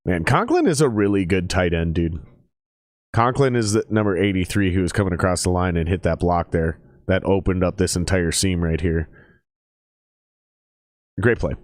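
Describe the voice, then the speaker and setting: Host for a football watch-along stream: casual male voice, low register, cursing freely, bursts of play-by-play excitement, dry close sound. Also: normal speed, pauses often, dry recording. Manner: profane, loose and excitable, jumps to loud play-by-play. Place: table at home.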